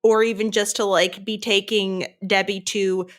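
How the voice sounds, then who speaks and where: A woman co-hosting a podcast, chatting casually about a cartoon episode, playful and quick to laugh while chiming in. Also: medium pitch, level tone. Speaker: podcast co-host.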